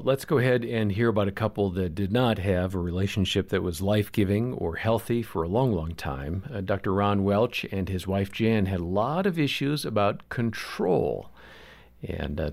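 A man's voice: low-pitched, moderate pace, gravelly, a little mellow. A man co-hosting a radio show, asking questions and introducing the next segment in a conversational way.

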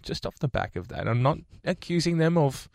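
A man's voice: on the high side, expressive, fairly quick, creaky, darkish tone, no echo, clean studio sound. A man co-hosting a morning radio show, joking and teasing in casual banter with frequent laughs. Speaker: radio host. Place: radio studio. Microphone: studio microphone.

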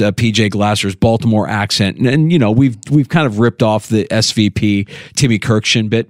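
A male sports radio host talking easygoing and chatty, looping back and restarting as he goes. His voice sits in a middle pitch and sounds close and dry, with no room around it. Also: dry recording. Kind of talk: casual sports radio chat. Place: radio studio.

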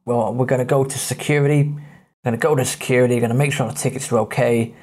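A man voicing a huge male police officer with a deep, husky voice who speaks calmly and reassuringly, in a quoted anecdote on a podcast. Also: fast, lightly acted. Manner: calm, reassuring.

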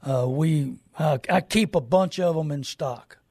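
A man's voice: on the high side, a little slow, creaky, mellow, dry recording, studio quality. An older man hosting a call-in car radio show in a folksy, rambling salesman's way. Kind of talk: casual call-in radio talk with plugs.

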